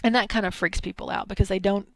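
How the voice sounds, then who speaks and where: A woman's voice: medium pitch, steady tone, fast talker, dry recording. A woman from Arkansas with a thick Southern accent, giving a chatty, digressive lecture with asides. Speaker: instructor. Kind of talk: recorded lecture.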